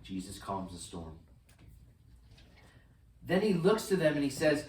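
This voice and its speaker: A man preaching a sermon as pastor, animated, swinging between loud bursts and hushed lines. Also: mid-range voice, unhurried, long pauses, reverberant, far from the mic, slight background noise, rough recording. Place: church sanctuary.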